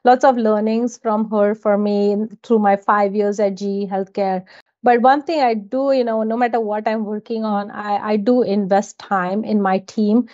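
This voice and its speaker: A woman's voice: mid-range voice, fairly even intonation, measured pace, a little mellow. A woman from India, a guest telling stories in a casual interview and laughing often between phrases. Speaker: guest, data executive. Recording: dull lo-fi audio.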